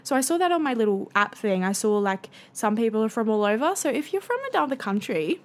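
A woman's voice: a little high, sing-song, fairly quick. A young woman with an Australian accent hosts a solo podcast, chatting in a playful way with ironic asides. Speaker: podcast host. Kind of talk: casual solo podcast monologue.

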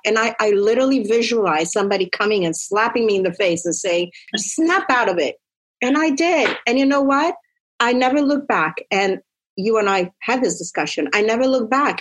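Woman chatting, lively storyteller, acts out lines in big voices. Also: a little high. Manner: animated storyteller, acts out quotes. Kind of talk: casual conversation.

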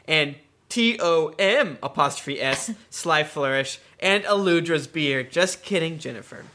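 A man's voice: a little high, animated, a little slow, pushed and bright. A man co-hosting a podcast, reading listener messages aloud in a jokey way and laughing as he goes. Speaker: podcast co-host.

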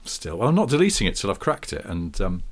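A man from England in his thirties chats on a podcast with a low voice that swings widely up and down. He is playful and jokey, riffing on silly ideas and popping into sudden squeaky character voices. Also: big pitch swings, fast talker, crowd noise. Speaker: podcast co-host. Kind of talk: casual chat.

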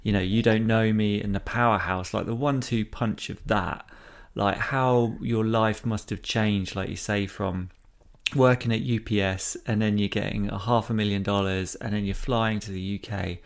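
Gravelly-voiced male interviewer. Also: on the low side, fairly even intonation, normal speed. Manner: rambling questions full of "like" and restarts. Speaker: interviewer host. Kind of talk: casual interview questions.

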